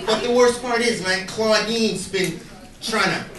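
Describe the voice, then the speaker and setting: Profane stand-up comic, high voice. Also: male voice, measured pace. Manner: profane, conversational, keeps asking "right?". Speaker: stand-up comedian. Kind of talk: stand-up comedy set. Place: comedy club stage before a live audience. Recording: roomy club, mic far off, loud crowd.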